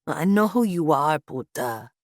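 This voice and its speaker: A woman's voice: deep voice, animated, a little slow, dry recording, clean studio sound. Woman doing a sneering costumed thug. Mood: threatening. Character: threatening man in a werewolf costume.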